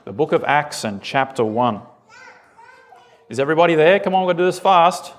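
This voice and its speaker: Guy preaching a sermon, high voice, animated, keeps checking if everyone's following. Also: brisk. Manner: animated, asks the congregation questions. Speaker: pastor.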